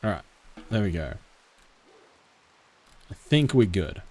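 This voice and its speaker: A man with a softened Australian accent, chatting casually with his live-stream audience as he plays, laughing often and answering chat. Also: low voice, very animated, slow. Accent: Australian, toned down. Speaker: game streamer.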